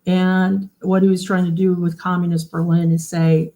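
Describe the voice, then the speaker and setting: A woman's voice: on the low side, little pitch movement, normal speed, warm tone. A woman hosting a casual livestream. She explains things in a chatty way and often asks her viewers questions. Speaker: host of a genealogy livestream.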